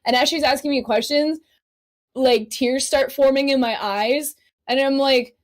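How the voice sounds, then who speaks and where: A woman guest on a podcast telling stories in a casual, animated way, laughing often and swearing freely. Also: sits high, unhurried. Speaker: podcast guest, cosplay model. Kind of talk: casual storytelling chat.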